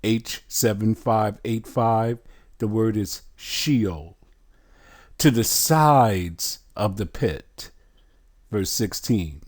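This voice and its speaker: Male bible teacher, unhurried and deliberate, dark mellow tone, reads definitions aloud. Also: on the low side. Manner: addresses listeners as brothers and sisters. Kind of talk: slow scripture study teaching.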